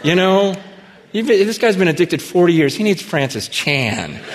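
Pastor, male, high-pitched, animated storytelling sermon, long hall reverb. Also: unhurried. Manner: animated storytelling, swings from hushed to shouting.

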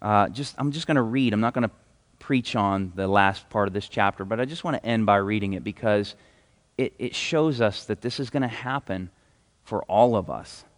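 A man's voice: on the low side, moderate pace. A man preaching a sermon as a pastor in a casual, enthusiastic way, reading scripture aloud. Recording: hall reverb.

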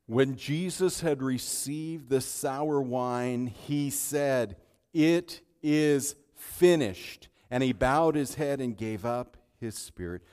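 A man preaches to his congregation in a church sanctuary, taking his time over every phrase. His delivery swings widely, from breathy, hushed near-whispers to full-voiced, triumphant shouting. His pitch sits in the middle range for a man. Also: slow pace, hardly any pauses. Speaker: pastor. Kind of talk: sermon.

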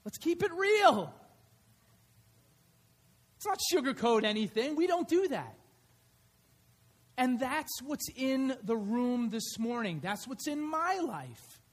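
A man preaching a conversational sermon in church, telling stories in an animated way. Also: very high-pitched, slow pace, long pauses. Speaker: pastor. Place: church sanctuary.

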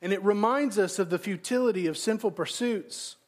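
High-voiced man preaching conversationally. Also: moderate pace. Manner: conversational, self-deprecating, asks the congregation questions. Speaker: pastor. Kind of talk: sermon.

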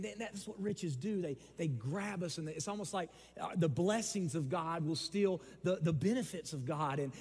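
A man preaching a sermon with animated swings from loud to quiet, acting out the quotes. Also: a little high. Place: church hall. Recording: hall with long reverb.

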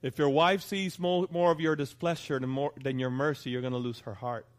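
A man's voice: medium pitch, steady tone, fairly quick. A pastor preaching a sermon to his congregation, talking conversationally and often asking them for a response. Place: church.

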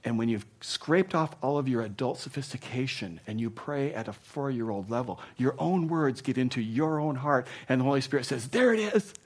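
A man preaching a sermon as pastor, speaking conversationally and punching key words loudly before dropping to a hush. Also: medium pitch, normal speed, hardly any pauses. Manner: emphatic, swinging between punchy loud lines and hushed asides; conversational, with frequent "you know".

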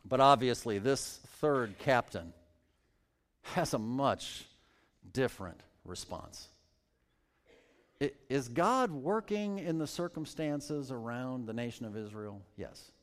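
A man's voice: mid-range voice, animated, slow pace, long reverb tail. A man preaching a sermon, reading scripture aloud and then explaining it with joking asides. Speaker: pastor.

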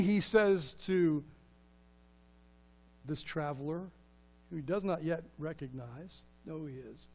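A man preaching a sermon, animated and full of rhetorical questions, moving from loud to hushed. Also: a little high, takes it slowly, long pauses. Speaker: pastor.

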